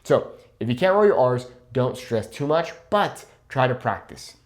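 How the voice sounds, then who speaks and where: An encouraging young man teaches Spanish pronunciation in an online lesson. His voice rises and falls a lot, and he speaks at a medium pitch. He keeps checking in with the listener after each point and says example words slowly and carefully. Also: big pitch swings.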